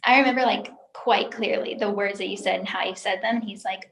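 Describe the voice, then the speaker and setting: A woman's voice: mid-range voice, steady tone, fairly quick, vocal fry, fairly bright tone, roomy sound, rough recording. A young woman telling her story as an interview guest, talkative and emotional, with many filler words. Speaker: interview guest, former sales recruiter. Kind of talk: candid personal story in an interview.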